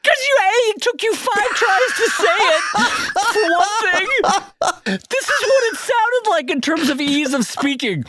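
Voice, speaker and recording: A man's voice: extremely high pitch, animated, unhurried, very noisy. A man co-hosting a casual podcast, teasing his partner and laughing through his words. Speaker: podcast co-host. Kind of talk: casual chat.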